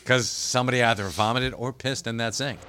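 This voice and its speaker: A man's voice: mid-range voice, steady tone, a little fast, background noise. A man chatting casually, with crude, wry humor. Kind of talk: casual chat.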